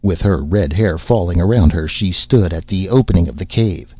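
A man narrating a classic fairy tale in a measured, expressive storytelling manner. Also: low-pitched, husky, no echo, lo-fi sound. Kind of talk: storybook reading.

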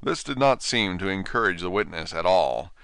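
A man narrating a storybook in an expressive, animated way on a close mic. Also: low-pitched, normal speed, creaky, clear, resonant tone, no echo. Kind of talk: storybook reading.

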